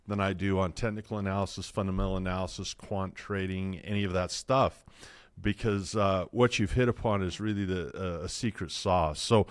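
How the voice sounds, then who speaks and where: A man's voice: deep voice, fairly even intonation, normal speed, clean tone, dry recording. A man hosting an interview, talking in a rambling, hesitant way with many fillers. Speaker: podcast host.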